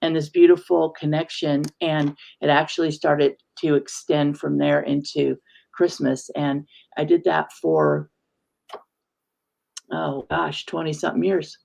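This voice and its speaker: Gravelly woman speaking heartfelt. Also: sits low, fairly even intonation, a little slow, a little mellow. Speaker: reverend and singer, guest. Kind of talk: casual conversation.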